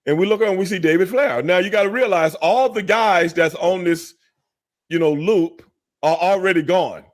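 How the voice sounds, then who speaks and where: An older man telling a story in casual chat, animated, acting out quotes and cursing freely. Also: sits high, moderate pace. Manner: animated, acts out quotes, curses freely, laughs. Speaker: storyteller guest, former wrestler.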